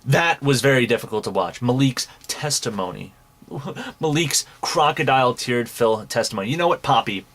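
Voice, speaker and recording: In a medium-pitched, expressive voice that's a bit bright, a young man hosting a commentary podcast rants angrily at a moderate pace, swearing heavily and heaping mocking scorn.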